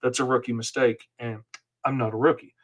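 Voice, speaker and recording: A man hosts a live comic-inking lesson, chatting casually and rambling in a self-deprecating way as he works and answers viewers. His mid-range voice is brisk with a flat delivery.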